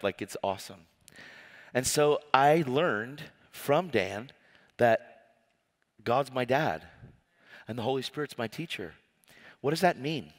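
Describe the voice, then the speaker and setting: A man preaching a storytelling sermon, animated and often laughing as he acts out conversations. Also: fairly low pitch. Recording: long reverb of a hall.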